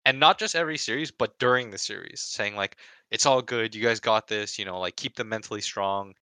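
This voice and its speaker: Bright-voiced man ranting animatedly. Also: lowish voice, a little fast, smooth, no room sound. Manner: animated storytelling, heavy swearing, rants. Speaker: pro esports player recounting a tournament. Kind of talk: casual podcast chat.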